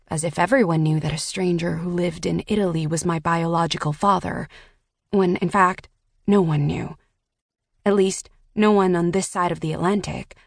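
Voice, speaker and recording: A woman narrating a first-person audiobook in a measured, reflective way on a close studio mic. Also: lowish voice, no echo.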